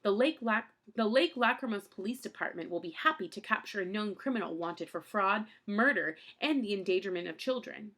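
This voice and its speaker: A stern, fussy storybook guardian who scolds firmly and breaks into loud, high shouted orders. The voice carries a gravelly grain, as a woman reads him aloud. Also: lively intonation, fairly quick, hardly any pauses.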